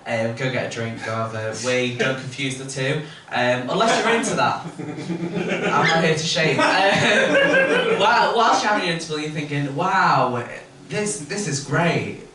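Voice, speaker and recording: Male compere, jokey and rambling, slightly high voice, echoey club from far off, noisy room. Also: wildly swooping pitch, normal speed. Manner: rambling, jokey, full of ums. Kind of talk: comedy compering. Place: comedy club.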